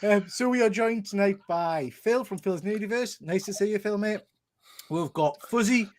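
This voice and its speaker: A man's voice: high-pitched, moderate pace. A man with a Geordie accent hosting a jokey, upbeat livestream chat with friends on a video call. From North East England. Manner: jokey, upbeat, laughs often. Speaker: host.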